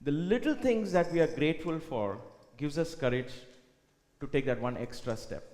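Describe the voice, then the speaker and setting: A man giving a reflective spiritual talk at a retreat, often dropping to a soft hush. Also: a little high, animated, normal speed. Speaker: retreat speaker. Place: retreat hall. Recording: echoey hall with long reverb.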